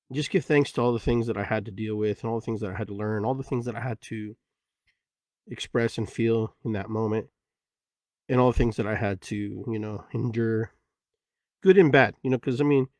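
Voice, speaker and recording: A man's voice: on the low side, darkish tone, dry recording. A middle-aged man hosting a podcast, telling a parable in a loose, rambling way with many fillers. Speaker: podcast host. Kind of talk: casual reflective storytelling.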